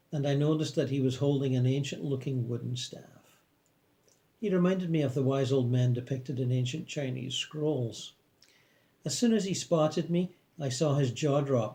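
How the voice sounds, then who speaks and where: A man calmly reading a first-person afterlife story in a measured way. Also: mid-range voice. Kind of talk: scripted first-person narration.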